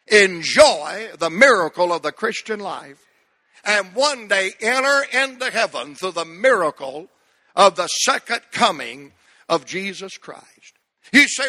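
A middle-aged preacher man with a high, ringing voice. He preaches emphatically, repeating phrases and asking rhetorical questions, then drifts into folksy asides. His tone is sharp and forward. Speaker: pastor. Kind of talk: sermon.

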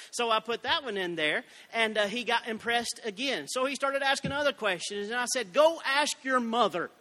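A man preaching a sermon, emphatic and drawing words out slowly to stress scripture he reads aloud. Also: high voice, sharp tone, big-room sound.

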